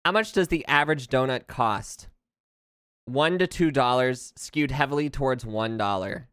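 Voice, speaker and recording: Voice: medium pitch, normal speed, smooth, dry recording, clean studio sound. A streamer from the United States, chatting casually over gameplay and ranting in a jokey way. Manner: animated, jokey, ranting, laughs often. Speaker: VTuber streamer. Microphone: close streaming mic.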